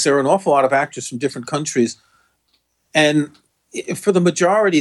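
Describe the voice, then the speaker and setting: A man from the United States, a podcast guest in casual chat, musing aloud and often trailing off. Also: fairly high pitch.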